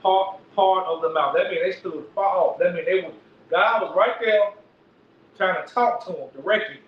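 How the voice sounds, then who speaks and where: A man's voice: sits high, normal speed. A man teaching the Bible in an emphatic preaching style, often asking "right?" to his listeners. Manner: emphatic, repeats lines, asks "right?" often. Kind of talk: street-preaching bible lesson. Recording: echoey, distant, dull lo-fi recording with faint noise.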